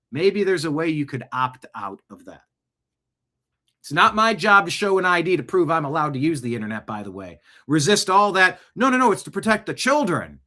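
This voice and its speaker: A male show host who reacts to news clips with animated, sarcastic rants. His voice sits fairly high and sounds bright and forceful. He argues back at what he is watching. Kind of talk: political commentary reacting to clips.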